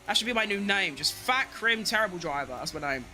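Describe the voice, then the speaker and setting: A man giving excitable, self-mocking live commentary while playing a racing game, talking to himself as he drives. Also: sits high, fairly quick, over music. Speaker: gaming streamer.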